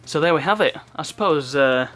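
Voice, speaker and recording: A man's voice: fairly high pitch, animated, brisk, a bit bright, soft background music. Chatty man, rambling unboxing. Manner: rambling, chuckling asides. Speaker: unboxing video host. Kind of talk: casual unboxing chat.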